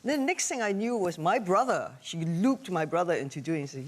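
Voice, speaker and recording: A woman from Malaysia, an actress guest, telling an anecdote in an expressive, laughing way. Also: on the low side, quick pace, few pauses, a little hiss or hum. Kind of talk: anecdotal chat. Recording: studio with loud audience.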